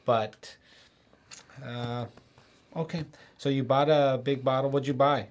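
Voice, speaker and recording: A man's voice: medium pitch, fairly even intonation, takes it slowly, a little hiss or hum. Man asking direct interview questions.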